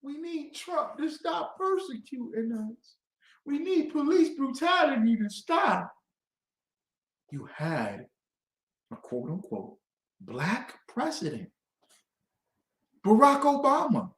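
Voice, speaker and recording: A man hosting a talk show, ranting with passion and swinging from low muttering to outbursts of shouting. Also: big pitch swings, takes it slowly, pauses often, echoey room, poor audio. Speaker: host. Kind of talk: impassioned talk-show rant.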